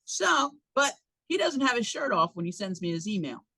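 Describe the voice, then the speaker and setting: Bright, punchy, wry woman. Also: fairly high pitch, sing-song, moderate pace, creaky, slight background noise. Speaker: podcast guest, chamber of commerce staff. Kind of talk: casual interview chat. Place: recording studio.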